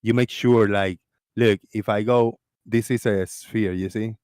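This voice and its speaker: An excitable man with a Floridian accent hosts a casual live stream. He rambles and restarts his sentences, and his voice sits close and dry on the mic with no room sound. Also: on the low side, measured pace, clear, resonant tone, no echo. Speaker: host of a live call-in discussion.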